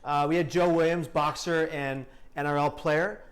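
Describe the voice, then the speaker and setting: A man's voice: a little high, fairly even intonation, normal speed. A man interviewing a guest, earnest and speaking with conviction. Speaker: interviewer and documentary maker. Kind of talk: casual conversational interview.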